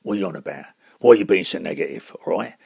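A man voicing a gruff, menacing tough-guy actor with a Cockney London accent, talking low and slow. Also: expressive, a little mellow, dry recording, clean studio sound, full character voice.

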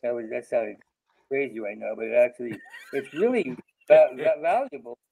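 Gravelly guy comic, stutters constantly, manic rambling bits, all over the place. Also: mid-range voice, lively intonation, normal speed, mellow, low-quality recording. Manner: heavy stammering, repeats sounds and words; manic, jumps between topics. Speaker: comedian guest. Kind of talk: rambling stream-of-consciousness comedy riffs.

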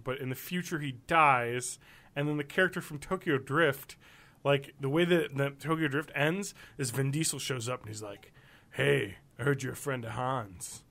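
A man's voice: a little high, moderate pace, sharp tone. A man co-hosting a podcast in casual chat. He rambles and swears freely, and he laughs often. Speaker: podcast co-host.

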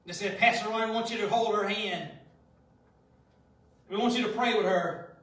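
A man pastor preaching a Pentecostal sermon, shouting with passion and dropping to hushed storytelling. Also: sits high, normal speed. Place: church sanctuary. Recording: very echoey room, distant mic.

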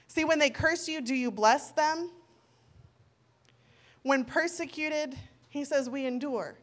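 A woman in her thirties delivers a sermon with a fairly high voice. She keeps it conversational and slips into acted dialogue to make her points, like talking things over with a congregation of friends. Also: slow. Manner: conversational, acts out quoted dialogue. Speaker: preacher.

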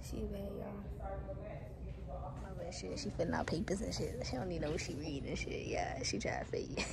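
A woman's voice: lowish voice, animated, a little fast, gravelly, roomy sound, distant mic, over a noisy crowd. Teasing young woman vlogging on a phone. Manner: teasing, playful, profane slang, sing-song baby talk. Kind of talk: casual vlog chat. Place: doctor's office.

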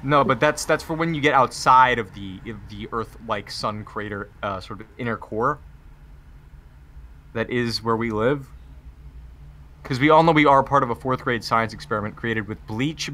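Bright-voiced young man trolling in voice chat. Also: medium pitch, normal speed. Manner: mock-serious absurd rambling with slang. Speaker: voice chat participant. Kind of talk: casual trolling banter. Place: online group voice chat.

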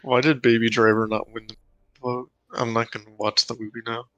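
A man's voice: medium pitch, little pitch movement, brisk, fairly bright tone, muffled recording. A young man teasing his friends with jokes during gaming voice chat. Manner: teasing, joking. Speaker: gamer.

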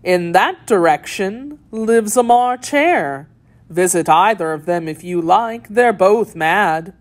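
A woman's voice: mid-range voice, expressive, slow. Cheshire Cat, sly grinning riddler, read by a woman. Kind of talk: storybook read-aloud.

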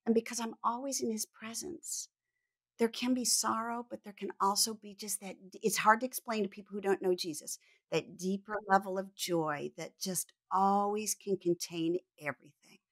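A woman's voice: mid-range voice, fairly even intonation, moderate pace. A woman business coach, a podcast guest, who talks earnestly and reflectively about faith and quotes scripture. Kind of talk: faith-centered podcast conversation.

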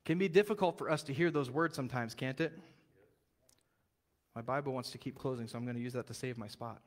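A man preaching a sermon as pastor, telling the story in a lively, casual way and acting out the quotes. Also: medium pitch, fairly quick, long reverb tail. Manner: animated storytelling, casual slang, acts out quotes. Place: church sanctuary.

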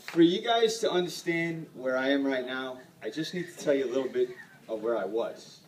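A man's voice: medium pitch, expressive, normal speed, reverberant, distant mic, slight background noise, low-quality recording. A man telling a personal story to an audience at an event, self-deprecating and rambling, laughing often. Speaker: speaker at a sales event.

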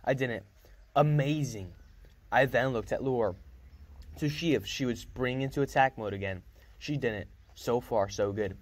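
A man's voice: mid-range voice, a little slow. Man reading a novel aloud casually. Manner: casual first-person storytelling with small slips and restarts. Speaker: reader.

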